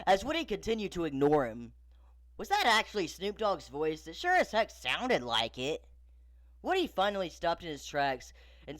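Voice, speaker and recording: A man narrating a horror story with profane, sarcastic disbelief. His pitch swings widely from line to line. The recording is dry and close. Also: big pitch swings, normal speed, a bit bright, no echo. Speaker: creepypasta narrator.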